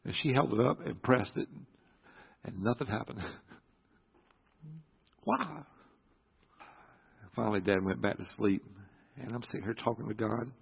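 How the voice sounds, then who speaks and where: A middle-aged man telling a personal story from the pulpit, halting and earnest with many restarts. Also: on the low side, fairly even intonation, gravelly, breathy edge. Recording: echoey hall through a phone-like line.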